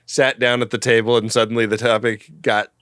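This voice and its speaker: A man's voice: mid-range voice, level tone, a little fast, fairly bright tone, clean tone, dry recording, clean studio sound. Wry male podcast co-host. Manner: wry, laughs along, curious asides. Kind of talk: casual comedic chat.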